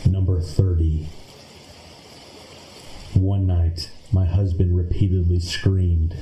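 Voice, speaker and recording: Male narrator, scripted creepy readings, very dark tone, monotone delivery, echoey room with faint noise behind. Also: low voice, slow, pauses often.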